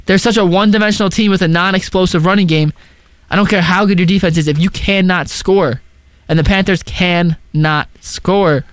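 Blunt, high-voiced young man talking sports. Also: fairly even intonation, normal speed, clear, resonant tone, no echo. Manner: opinionated, skeptical, blunt. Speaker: sports talk show co-host. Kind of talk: casual sports radio chat.

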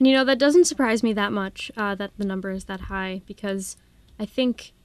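A woman's voice: medium pitch, moderate pace, clean tone, dry recording. A young woman from Minnesota, a guest on a student radio show, chatting casually and laughing easily. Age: young adult.

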